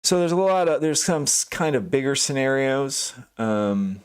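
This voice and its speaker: A man's voice: medium pitch, expressive, normal speed, clean tone. A man hosting a live day trading stream, thinking aloud over charts with many fillers and restarts. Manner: thinking aloud, hesitant, frequent fillers and self-corrections; greets chat viewers by name. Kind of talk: casual live market commentary.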